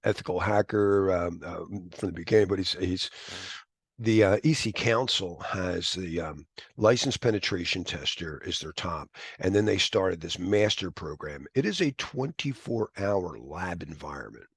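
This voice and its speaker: Brief: low, gravelly male instructor, rambling and animated, dry sound. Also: moderate pace, dry recording. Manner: rambling, animated, with whispered asides. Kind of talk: live classroom lecture.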